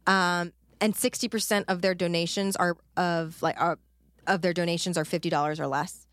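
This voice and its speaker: A woman's voice: fairly low pitch, fairly even intonation, normal speed, fairly bright tone, no echo. A woman co-hosting a podcast in casual chat, rambling and a bit profane, with frequent ums. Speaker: podcast co-host; out-of-work service industry worker.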